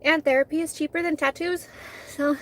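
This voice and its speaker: Woman, casual live chat, candid and blunt, swears, slightly high voice. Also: fairly even intonation, a little fast, fairly bright tone, poor audio. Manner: candid, swears freely, acts out dialogue. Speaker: vlogger.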